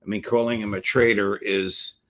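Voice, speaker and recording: A man hosting a political interview show, speaking in a measured way with frequent pauses. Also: on the low side, level tone, a bit bright. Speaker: host.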